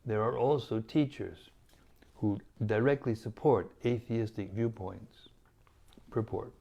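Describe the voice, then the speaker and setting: A man reading scripture aloud to listeners in a deliberate, measured way, pausing between phrases. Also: lowish voice, fairly even intonation, gravelly, mellow, slightly rough, muffled recording. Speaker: scripture reader.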